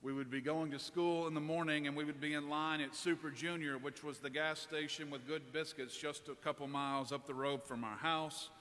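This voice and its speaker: Bright-voiced preacher in a church. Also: male voice, fairly high pitch, moderate pace, few pauses. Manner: relaxed storytelling, conversational. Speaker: priest preaching. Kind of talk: sermon with a personal story. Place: large church. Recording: long church reverb.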